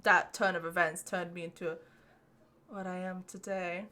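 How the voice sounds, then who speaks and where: A woman's voice: fairly low pitch, flat delivery, normal speed, sharp tone. A young woman guest on a podcast, telling stories animatedly and swearing casually.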